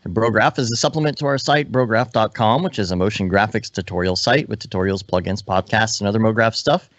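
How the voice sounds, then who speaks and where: A relaxed man co-hosting a live podcast, rambling and restarting his sentences as he chats. His voice sits a bit low, and the sound is dry and dull, like a lo-fi online call. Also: fairly quick, no echo. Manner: relaxed, rambling, self-interrupting. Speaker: podcast co-host. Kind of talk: casual live podcast chat.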